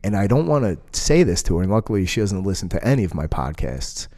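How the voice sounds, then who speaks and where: A man on a relaxed podcast, talking in a slightly low voice. He rambles and restarts his sentences, drops profanity freely and gets animated as he tells his stories. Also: fast. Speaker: podcast co-host, jiu-jitsu school owner. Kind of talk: casual podcast chat.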